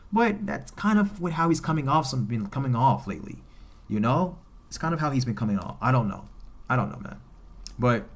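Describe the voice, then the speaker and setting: A man hosting his own football channel, ranting off the cuff, profane and heated, repeating himself and swinging between low mutters and loud outbursts. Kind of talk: unscripted sports rant to camera.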